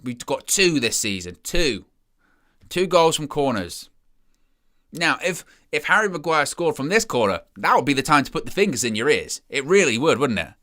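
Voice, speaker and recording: A young man giving excitable, chatty live commentary as a fan following a football match. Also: on the high side, moderate pace. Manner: excitable, chatty play-by-play with asides.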